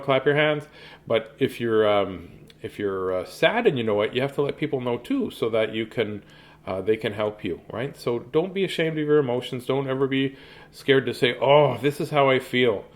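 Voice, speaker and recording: Casting: man, children's storyteller, chatty at-home reading, repeats himself, medium pitch. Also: moderate pace. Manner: chatty, warm toward children, repeats words often. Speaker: children's entertainer reading aloud. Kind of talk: casual chat and storybook reading to kids.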